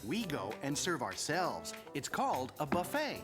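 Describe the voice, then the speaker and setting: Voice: medium pitch, unhurried, music in the background. A friendly, easygoing cartoon dad. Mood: kindly. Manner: calm, explaining things simply. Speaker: father character. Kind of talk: animated children's series acting.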